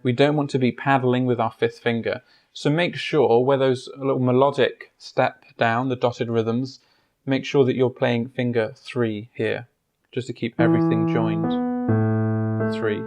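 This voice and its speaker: Guy teaching piano, calm and explanatory, mid pitch, stops to play bits on the piano. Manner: measured, explanatory, with frequent pauses and fillers. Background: piano playing.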